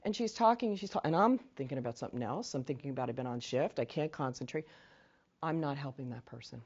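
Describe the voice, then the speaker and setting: A woman's voice: rumbling low, lively intonation, fast, a little mellow, slightly rough, dull audio. A woman trainer leading a workshop in a conversational way, often checking in with "right?" and acting out sample phrases. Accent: New England. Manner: acts out short sample phrases to victims. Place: training room.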